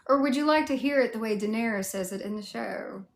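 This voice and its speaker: Southern lady rambling on a livestream, lots of "like", gravelly fry, echoey room. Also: a little high, a little fast. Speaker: cosplay streamer answering viewer chat. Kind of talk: casual livestream chat.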